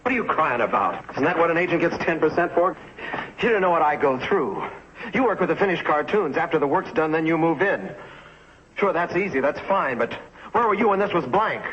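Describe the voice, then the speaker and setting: A man's voice: on the high side, lively intonation, a little fast, close to an everyday voice. A man playing a touchy, ailing cartoonist who snaps and sulks, his voice lifting and dropping widely as he complains. The sound is dull and lo-fi, with a faint hiss behind it, like an old TV soundtrack. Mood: angry. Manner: bitter, snapping, shouts when angry. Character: irritable ailing male cartoonist, self-pitying and defensive. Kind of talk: 1950s TV drama acting.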